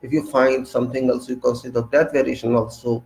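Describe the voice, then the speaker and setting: An older man lecturing on engineering, his voice gravelly with a fry at the ends of his phrases. He pushes each point home with emphatic repetition and addresses the listener directly. His pitch sits at an ordinary level for a man. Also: level tone, brisk, darkish tone, slight background noise, poor audio. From India. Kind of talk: recorded lecture.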